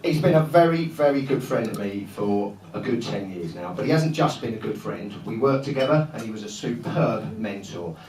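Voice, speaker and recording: A man's voice: on the low side, expressive, moderate pace, few pauses, slight background noise. A man giving a joking, flustered best man speech at a wedding, laughing often. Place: large function room full of guests. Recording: roomy, from far off, loud crowd. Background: loud laughing crowd.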